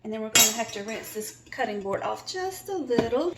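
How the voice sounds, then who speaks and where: A woman's voice: on the high side, lively intonation, brisk, echoey room, heavy background noise. A woman with a Southern US accent hosting a cooking vlog, chatty and folksy as she walks through a recipe in her home kitchen. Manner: chatty, folksy, self-deprecating. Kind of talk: casual cooking tutorial.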